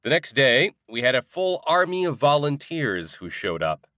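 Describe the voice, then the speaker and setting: A man narrating a first-person audiobook in an expressive, conversational way. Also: mid-range voice, normal speed, dry recording, clean studio sound.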